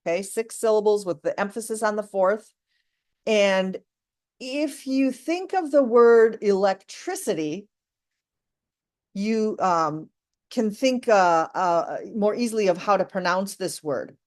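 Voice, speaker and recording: A woman teaching an online English lesson, slow and deliberate, encouraging her students. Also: mid-range voice, animated, a little mellow. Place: live online class.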